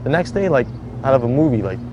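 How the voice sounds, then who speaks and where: Relaxed young man telling his story. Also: medium pitch, fast talker, background noise. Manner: conversational, heavy use of "like", acts out quoted voices. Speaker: interviewee recounting surviving a shooting. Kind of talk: casual first-person storytelling. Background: background music.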